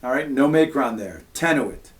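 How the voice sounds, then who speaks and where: A man's voice: mid-range voice, expressive, moderate pace. A man teaching a Latin grammar lesson, explaining step by step in a patient way, with frequent fillers between points. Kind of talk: recorded classroom lesson.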